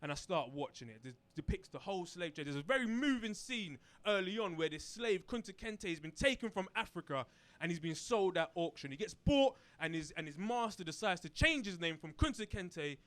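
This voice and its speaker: Young english guy doing standup in a club, highish voice, bright and lively, keeps saying right?. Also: a little fast. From England. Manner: storytelling with frequent "right?", acting out quoted voices loudly. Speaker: stand-up comedian. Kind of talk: stand-up routine. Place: comedy club stage.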